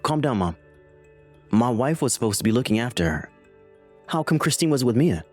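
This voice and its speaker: A man's voice: medium pitch, big pitch swings, moderate pace. A man voicing a defensive, dismissive grown son. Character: defensive lying adult son. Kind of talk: text-message story read aloud. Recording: soft music behind.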